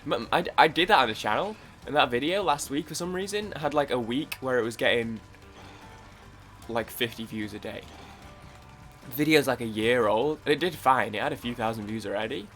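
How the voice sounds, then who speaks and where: A young man commenting casually on his own gameplay, rambling and excitable, with frequent restarts. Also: medium pitch, fairly quick, faint music behind. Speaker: gaming YouTuber. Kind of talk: casual let's-play commentary.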